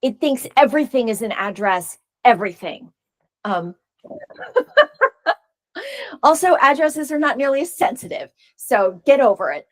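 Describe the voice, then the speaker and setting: A woman's voice: a little high, expressive, normal speed, no room sound. A woman giving a casual technical presentation at a user group meeting, chatty with frequent fillers and restarts. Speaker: conference speaker. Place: meeting room.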